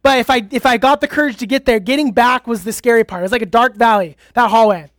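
A young man preaching a youth sermon in a casual, energetic, conversational way. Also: very high-pitched, fast, no room sound, clean studio sound. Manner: conversational, energetic, uses "like" often. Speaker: youth pastor.

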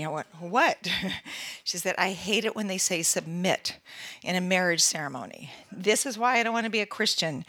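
A woman's voice: medium pitch, a bit bright, no echo. A woman in her sixties giving a sermon-style talk, mixing scripture with funny personal stories and laughing often at herself. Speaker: women's ministry speaker.

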